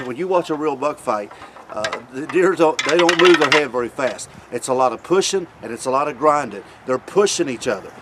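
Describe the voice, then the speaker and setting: A man giving a casual hunting demonstration in a folksy, repetitive way. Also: on the high side. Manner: folksy, repeats himself, pauses to demonstrate. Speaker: hunting video host. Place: outdoors. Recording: loud background noise outdoors.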